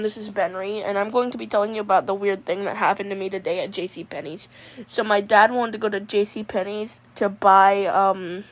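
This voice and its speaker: Comic bit: woman playing a rambling slacker guy with a mullet, mid-pitched drawl. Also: lightly acted. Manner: drawling, rambling, keeps saying "mon". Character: goofy laid-back young guy with a mullet. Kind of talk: comedic character monologue.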